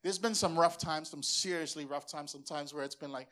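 A man's voice: a little high, a little fast, fairly bright tone. A man in his forties from Samoa, a pastor preaching a sermon in an earnest, passionate way and often repeating words as he presses a point.

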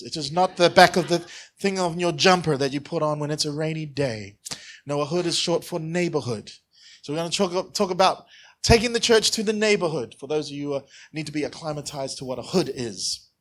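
A man's voice: fairly high pitch, a little fast. A man preaching a conversational sermon, joking and asking the congregation questions. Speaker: pastor.

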